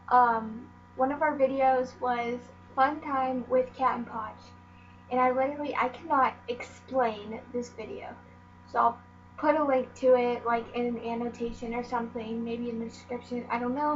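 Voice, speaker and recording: Rambling teen girl with a high voice. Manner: rambling, meandering, lots of "like" and "um". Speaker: vlogger. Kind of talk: casual storytelling vlog. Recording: dull lo-fi audio with faint mains hum.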